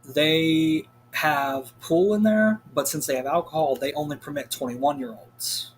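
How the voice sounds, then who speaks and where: A man's voice: fairly high pitch, unhurried, a little hiss or hum. A young man telling a story in a rambling, casual rant, full of swearing and filler words. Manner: rambling, profane, heavy on "like" fillers. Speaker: vlogger.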